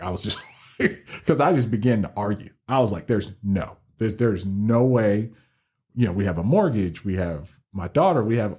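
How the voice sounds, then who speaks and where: A middle-aged man telling his story as a podcast guest, animated and laughing often, with many restarts. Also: mid-range voice. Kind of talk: casual storytelling interview.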